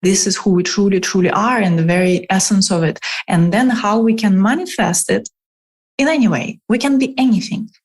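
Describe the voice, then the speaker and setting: A woman guest on a podcast, a spiritual mentor who speaks in an unhurried, flowing way full of "like" and acts out her clients' voices as she talks. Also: mid-range voice, darkish tone. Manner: unhurried, flowing delivery with many "like" fillers. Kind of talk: reflective conversational interview.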